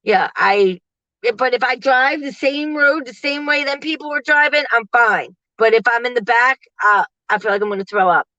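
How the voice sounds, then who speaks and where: A woman in her forties chatting casually to viewers from her parked car, laughing often and getting animated when she quotes people. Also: on the high side, moderate pace, no room sound, dull audio. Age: 40s. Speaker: livestream host.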